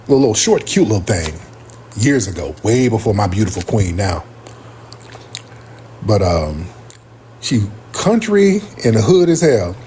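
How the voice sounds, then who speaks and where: A man hosting a live stream, telling a story casually and acting out other people's voices with big pitch jumps. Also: dark tone, a little hiss or hum. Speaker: livestream host.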